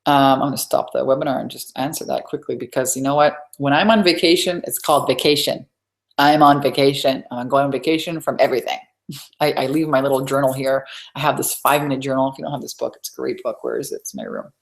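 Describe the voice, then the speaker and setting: Low-voiced woman coaching on a webinar. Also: quick pace, gravelly. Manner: emphatic, repeats key phrases; chatty, conversational asides. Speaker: business coach. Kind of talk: live webinar teaching.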